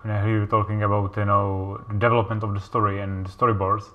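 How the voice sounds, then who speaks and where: A man's voice: fairly low pitch, level tone, fast talker, highs cut off. A man interviewing a guest, asking his question hesitantly with many restarts. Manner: hesitant, restarts and fills with "you know".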